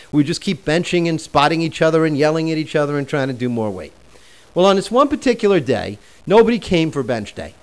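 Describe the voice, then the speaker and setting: A man in his forties telling a personal story in a conversational way while teaching a self-help lesson. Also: fairly high pitch. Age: 40s.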